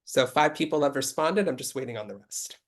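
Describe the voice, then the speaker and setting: A host running an online game over a video call, going through the rules in a brisk, businesslike way. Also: mid-range voice, animated. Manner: brisk, businesslike rule-giving.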